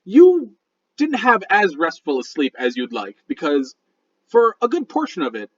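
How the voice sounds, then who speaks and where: A man narrating a tabletop game as game master, in a slow, dramatic storytelling manner. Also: sits high, huge pitch swings, highs cut off, slight background noise.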